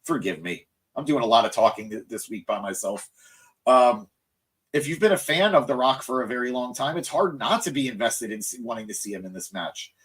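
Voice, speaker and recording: A man's voice: medium pitch, expressive, fairly quick, a bit bright. A man hosting a live wrestling recap stream, rambling and easily sidetracked as he reacts to chat, sounding tired. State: tired, voice cracking. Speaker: wrestling show host.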